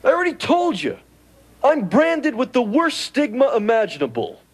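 A man voicing a wisecracking, self-pitying male alien in a 1980s sitcom, gravelly and nasal, sarcastic and melodramatic. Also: very high-pitched, sing-song, moderate pace, heavily acted. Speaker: sitcom character. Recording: noisy TV audio with studio laughter.

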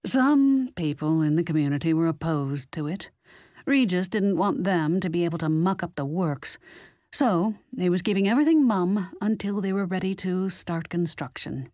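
A woman's voice: on the low side, expressive, moderate pace, darkish tone, no room sound, studio quality, lightly acted. A woman reading the part of a composed, guarded woman assistant who speaks in a poised manner.

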